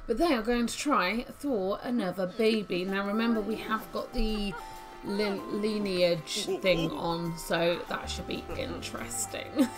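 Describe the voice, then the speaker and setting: Female let's-player, slow relaxed delivery, giggly chat, faint music underneath. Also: mid-range voice. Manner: chatty, giggly, thinking aloud. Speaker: gaming YouTuber. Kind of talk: casual let's-play commentary. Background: faint game music.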